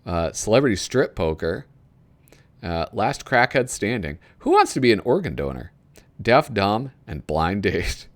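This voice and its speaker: A man with a lowish voice that swings widely in pitch as he talks. He reads items aloud, chuckles often and rambles in a casual, chatty way. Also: very animated, measured pace. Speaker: video host flipping through a magazine. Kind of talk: casual commentary.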